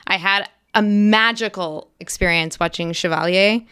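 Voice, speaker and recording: A woman's voice: medium pitch, moderate pace, pushed and bright, clear, resonant tone. A woman actress talking as an interview guest in casual, enthusiastic, emphatic chat. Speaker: guest actress and accent coach.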